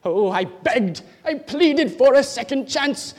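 An actor playing a gloomy, self-pitying old miser with a blustering, sighing manner in an amateur stage play. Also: male voice, extremely high pitch, lively intonation, takes it slowly, full character voice. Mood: despairing. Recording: long hall reverb.

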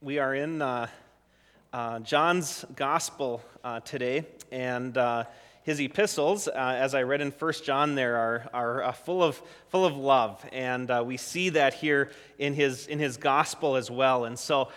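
Man pastor doing a kids sermon, gentle, restarts a lot, big echoey church sound. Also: mid-range voice, measured pace, smooth. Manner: gentle, encouraging, restarts often. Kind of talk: children's sermon. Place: church sanctuary.

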